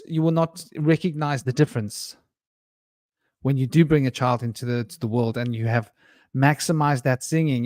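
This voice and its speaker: A man's voice: on the high side, darkish tone, no echo, clean studio sound. A man, telling rambling stories and laughing often during an online panel discussion. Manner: rambling, anecdotal, quick to laugh. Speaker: round table participant. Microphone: video call.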